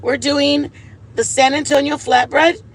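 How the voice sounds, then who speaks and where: A man's voice: very high voice, fairly even intonation, measured pace, fairly bright tone. A man hosting a casual livestream on wireless earbuds, gushing and affectionate, swearing playfully at his viewers. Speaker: livestream host.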